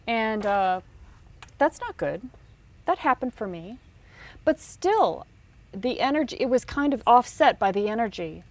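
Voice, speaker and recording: A woman teaching career advice in casual talk, telling stories with animated delivery and acting out the people she quotes. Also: medium pitch. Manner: animated storytelling, acts out quotes.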